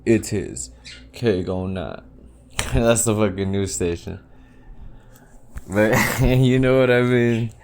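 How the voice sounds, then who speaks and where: Slow, low-voiced man rambling solo. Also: steady tone, darkish tone, slight background noise. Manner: rambling, swears freely, laughs often. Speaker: podcast host. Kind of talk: casual solo podcast chat. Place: home by a window.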